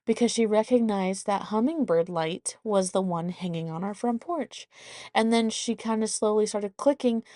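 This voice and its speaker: A woman's voice: mid-range voice, normal speed, mellow, no room sound, studio quality. A woman in her thirties hosting a podcast, telling a family story in a chatty, rambling way, thinking aloud as she goes. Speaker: podcast host. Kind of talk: casual storytelling monologue.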